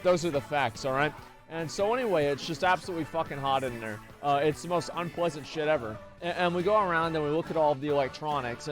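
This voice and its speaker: Rambling, profane American man. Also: fairly high pitch. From United States. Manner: rambling, profane, many fillers. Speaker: streamer. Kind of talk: casual storytelling.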